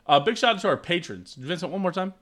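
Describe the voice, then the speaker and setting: A man hosting a casual podcast, joking with friends and giving loud shout-outs as he wraps up. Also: high-pitched, lively intonation, fast. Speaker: podcast host.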